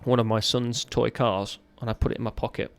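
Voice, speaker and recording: A man in his thirties, a podcast guest, telling a raw personal story in an earnest, halting way. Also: medium pitch, level tone.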